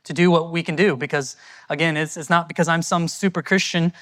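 A man's voice: a little high, steady tone, a little fast, fairly bright tone. A man from the United States, a missionary answering audience questions at a church in an earnest, conversational and thankful way.

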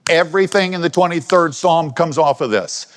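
This man's voice is on the high side, and his pace is ordinary. He's giving a chatty sermon in a church hall, asking the congregation questions along the way, and the hall adds a long reverb to the recording.

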